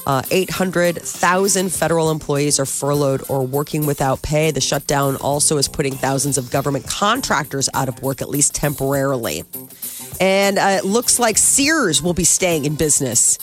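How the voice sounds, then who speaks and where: A woman's voice: deep voice, normal speed, faint music behind. A woman reading radio news headlines in a loose, casual way, with fillers and self-corrections. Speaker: news reader on a radio show.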